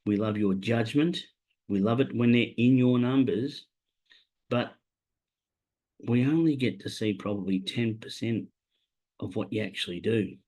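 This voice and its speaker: A man's voice: on the low side, measured pace, pauses often, warm tone. An Australian man hosting a podcast alone, rambling through horse racing tips in a self-mocking way and talking to his absent co-hosts. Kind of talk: solo casual chat.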